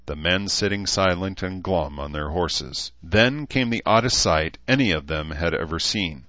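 A man narrating a story in a steady, even reading voice. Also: low voice, no room sound, lo-fi sound. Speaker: audiobook narrator. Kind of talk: scripted narration.

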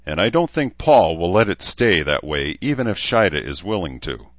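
Man doing young man, plain-spoken, level-headed, slightly raised, lively pitch, dull dry sound. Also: moderate pace, no room sound. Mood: thoughtful.

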